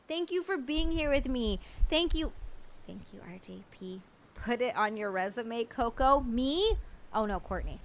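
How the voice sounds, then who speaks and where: A young woman streamer with a high, bright voice, chatting casually with her viewers. She sounds giddy and effusive and thanks everyone warmly. Her voice is clear and ringing. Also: expressive, normal speed. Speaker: livestream host. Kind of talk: casual live stream chat.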